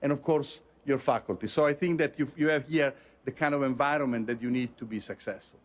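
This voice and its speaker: A man's voice: mid-range voice, a little fast. A man from Italy with an Italian accent, a university president giving a commencement speech, joking about himself, with many fillers and restarts. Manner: warm, self-joking, many uh fillers and repeats.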